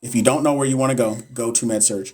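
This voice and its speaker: A man's voice: medium pitch, steady tone, quick pace, a little mellow, husky. A young man, a nurse educator on a casual live stream, answering viewers bluntly and with swearing, repeating himself for emphasis. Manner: blunt, profane, repetitive and emphatic.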